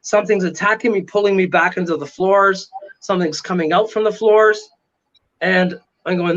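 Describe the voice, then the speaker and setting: A man's voice: sits high, normal speed, fairly bright tone. A man, a paranormal investigator, telling a story dramatically as a guest and acting out the voices and sounds in it. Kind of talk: animated storytelling. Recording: dull lo-fi audio.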